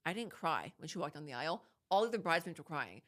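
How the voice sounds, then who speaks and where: Candid woman podcaster, low-pitched. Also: very animated, fast, fairly bright tone. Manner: candid, talks over interruptions, swears casually. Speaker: podcast co-host. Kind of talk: casual chat.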